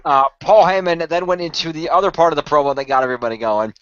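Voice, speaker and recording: A man's voice: a little high, animated, fast, a bit bright, smooth, no echo. A man co-hosting a casual wrestling recap, rambling with lots of fillers. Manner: rambling, many fillers, chanting catchphrases. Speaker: podcast co-host. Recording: dull dry lo-fi audio.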